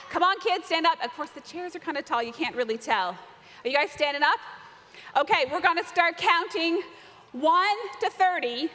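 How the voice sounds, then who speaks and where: A woman with a high, bright voice leads a children's talk in a church. Her voice rings through a reverberant hall. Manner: animated, shouting out a count. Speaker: children's message leader. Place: church sanctuary.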